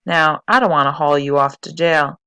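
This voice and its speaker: A storybook reader voicing an exasperated police sergeant who talks loud and blustering. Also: mid-range voice, fairly even intonation, normal speed, clean tone, rough recording.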